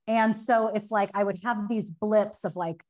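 Casting: woman, 30s, podcast guest, earnest storyteller, middle pitch, lots of "like.". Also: steady tone, darkish tone. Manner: earnest, fast, many filler likes, acts out quotes. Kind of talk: candid personal story in a podcast interview.

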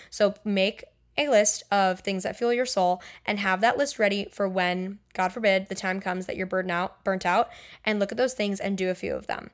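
Young female podcast host, casual solo chat, loose and chatty delivery, mid-range voice. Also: mid-range voice. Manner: chatty, with fillers like "um" and "like".

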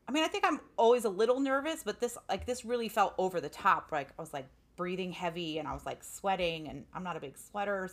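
Chatty woman with a bright voice. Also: medium pitch. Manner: chatty, lots of "like" fillers. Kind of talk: casual storytelling.

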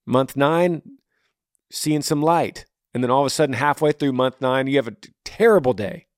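A man's voice: on the high side, a little mellow, dry recording, studio quality. Earnest man with a blunt, rhythmic delivery. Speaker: podcast host. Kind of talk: answering a listener's question on grief. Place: home room.

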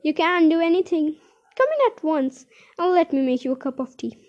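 A gushing, exclamatory lady, thrilled and affectionate, her voice pitched up high and ringing out loud, as a woman reads her lines from a storybook. The recording is dull and lo-fi. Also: animated, normal speed. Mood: delighted. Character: excitable, affectionate woman, a tortoise lover.

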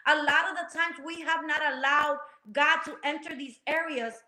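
A woman's voice: high voice, steady tone, moderate pace, pushed and bright, reverberant. A woman sharing a personal faith testimony on a talk show, speaking with passion and a preacher-like fervor. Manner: passionate, preacher-like, acts out quotes.

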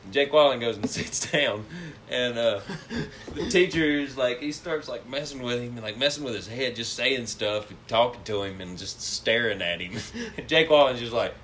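A man's voice: medium pitch, moderate pace, fairly bright tone, slight background noise. A young man, casually telling a rambling story and laughing through it.

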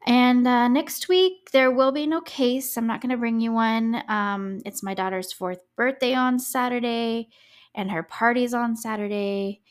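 A woman's voice: on the high side, unhurried, clear, resonant tone. A young woman hosting a true crime podcast, chatting casually and reacting to the case with sarcastic asides. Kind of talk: casual solo podcast chat.

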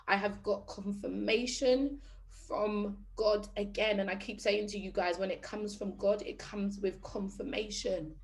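Woman, tearful, earnest inspirational faith talk, emotional, repetitive emphasis, medium pitch. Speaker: spiritual speaker.

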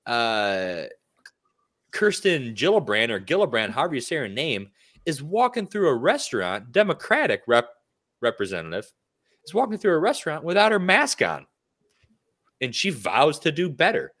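A man's voice: a little high, huge pitch swings, moderate pace, fairly bright tone. A podcast host, a man, ranting casually and heatedly and firing off rhetorical questions. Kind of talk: casual opinion rant.

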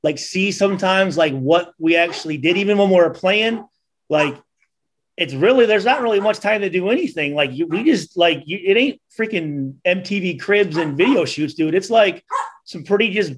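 A man from Michigan, a former football player, telling stories on a casual podcast, acting out the quotes loudly and swearing freely. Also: high voice, animated, moderate pace, slight background noise.

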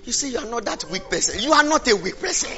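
A Nigerian man preaching a fervent sermon, shouting and repeating phrases, at times speaking in tongues. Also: very high-pitched, animated, fast talker. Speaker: pastor. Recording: muffled lo-fi recording with music.

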